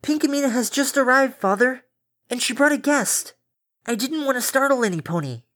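Man putting on a meek, high young pony mare. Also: lively intonation, a bit bright. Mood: apologetic. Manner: hurried, apologetic, muffled.

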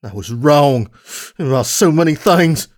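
A man's voice: on the high side, animated, measured pace, pitched above the performer's own voice. A man reading a fan story, voicing a hot-tempered young mare pony who pleads in a raised, anguished voice.

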